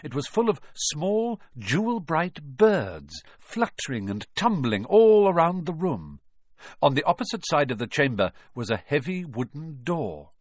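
A man reading a children's storybook aloud, with expressive, dramatic narration. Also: on the high side, measured pace, dry recording, studio quality. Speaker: audiobook narrator.

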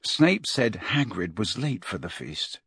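A guarded teenage schoolboy answers in short, low-key phrases, voiced by a male narrator close to his own voice. The reading is dry and intimate. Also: sing-song, a little slow, a bit bright, husky, dry recording, exaggerated voice.

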